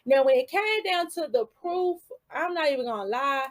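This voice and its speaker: A woman's voice: sits high, lively intonation, moderate pace. A woman hosting her own channel, giving casual commentary full of rhetorical questions and asides.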